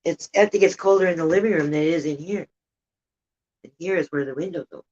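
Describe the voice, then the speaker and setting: An older woman with a low-sitting, darkish voice talks at a quick pace, recorded in lo-fi sound. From a home room with a heater running, she hosts a chatty, rambling livestream, sometimes indignant about politics.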